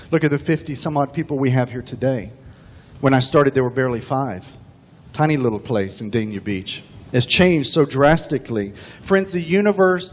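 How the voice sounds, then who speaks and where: A man from Texas preaching a sermon as pastor, with animated, emphatic storytelling. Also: on the high side. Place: church sanctuary. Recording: dull recording with long church reverb.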